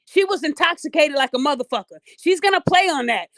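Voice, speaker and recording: A woman's voice: high voice, lively intonation, a little fast, fairly bright tone, dry recording, clean studio sound. A woman podcast host giving blunt, profane commentary straight to her audience. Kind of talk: ranting commentary.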